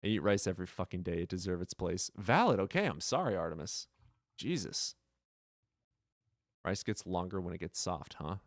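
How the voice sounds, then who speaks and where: Male streamer host, low and highly animated, dry close sound, playful and profane. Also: normal speed, no echo. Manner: laughs often, swears freely, teasing. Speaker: livestream host. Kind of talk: casual livestream chat.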